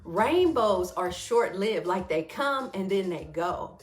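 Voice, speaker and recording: A woman's voice: medium pitch, expressive, slow. Woman host, conversational and engaging, roomy echo, faint music behind. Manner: warm conversational, often checks in with listeners. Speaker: wellness teacher and host. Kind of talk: casual spoken reflection and guided practice.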